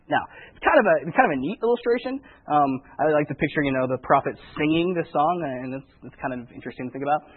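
Husky male preacher on tinny radio. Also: fairly high pitch, expressive, quick pace. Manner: conversational, repeats words while thinking. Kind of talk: sermon. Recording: tinny phone-like radio broadcast.

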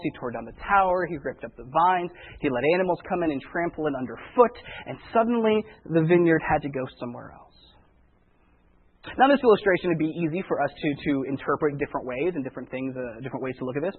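A man's voice: fairly high pitch, husky. A man preaching a conversational sermon, often repeating words as he thinks it through. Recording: tinny phone-like radio broadcast.

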